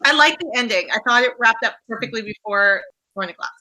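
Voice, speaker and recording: Canadian woman, bright forceful voice, slightly high, rambling enthusiastic chat. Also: expressive, fairly quick, low-quality recording. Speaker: guest on a book live show. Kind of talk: casual chat.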